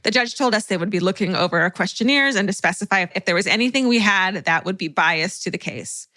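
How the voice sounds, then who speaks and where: Bright-voiced woman podcast host. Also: mid-range voice, fast, no room sound. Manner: animated storyteller, swears freely, laughs often. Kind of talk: reading listener stories aloud, casual chat.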